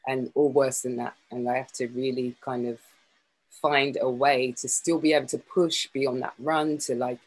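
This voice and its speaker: A woman sharing candidly on a group call, halting and hesitant as she speaks. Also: extremely low pitch, flat delivery, low-quality recording.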